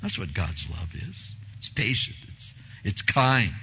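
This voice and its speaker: Gravelly, husky male pastor preaching. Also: low voice, takes it slowly, dull audio. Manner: animated storytelling, acts out dialogue, repeats words. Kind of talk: sermon.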